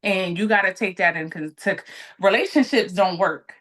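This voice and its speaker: A woman in her late thirties, a podcast guest, talking candidly and reflectively in relaxed conversation. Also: mid-range voice, moderate pace. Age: 30s.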